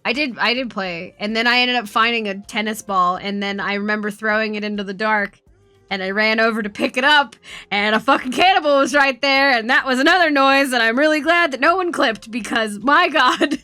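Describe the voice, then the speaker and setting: A woman's voice: a little high, brisk, sharp tone, no echo. Woman, streamer, casual swearing chat, rambling stories, dry close sound, faint music behind. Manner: profane, rambling storytelling. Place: home streaming setup.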